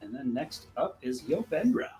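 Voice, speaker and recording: A man's voice: medium pitch, sing-song, normal speed, warm tone, echoey room, soft background music, poor audio. A man running a tabletop game as game master, narrating scenes with vivid description.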